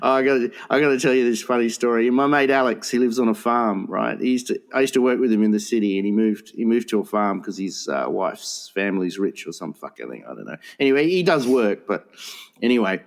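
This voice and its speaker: A man's voice: on the low side, lively intonation, brisk, vocal fry. A man co-hosting a comedy podcast, telling a rambling, sweary story and laughing as he goes. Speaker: podcast co-host. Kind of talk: casual storytelling.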